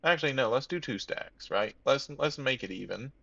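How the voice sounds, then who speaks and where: A man's voice: mid-range voice, expressive, moderate pace, vocal fry, bright, forceful tone, no echo, lo-fi sound. A man casually commenting on his gameplay, thinking aloud and muttering to himself as he plays. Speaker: let's-play gamer.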